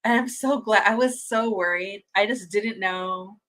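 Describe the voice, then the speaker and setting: Here a bright-voiced woman streamer hosts a fan watch-party, casually chatting and reading viewer comments in an unhurried, medium-pitched voice. She gushes excitedly, laughs often and restarts mid-sentence, all on a rough recording.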